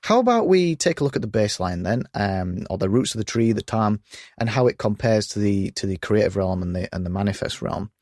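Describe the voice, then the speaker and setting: A man's voice: fairly low pitch, expressive, brisk, a little mellow, no echo, studio quality. A man, co-hosting a podcast in a chatty, storytelling way. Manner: chatty storytelling with acted-out quotes. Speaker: podcast co-host. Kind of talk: casual podcast chat.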